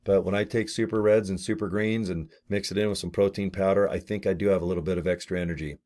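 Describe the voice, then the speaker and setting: Here a man in his late fifties talks fast in a low, darkish voice with a steady tone. As a network marketing affiliate, he's casually chatting to camera about a business opportunity, blunt and folksy, with mild swearing and rambling asides.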